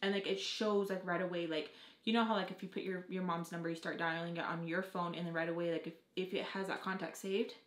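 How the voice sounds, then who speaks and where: A young adult woman telling a storytime vlog, talking fast and casually, with plenty of "like" and frequent swearing. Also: lowish voice, fairly even intonation. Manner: fast casual talk, heavy on "like", swears freely. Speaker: vlogger. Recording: echoey room.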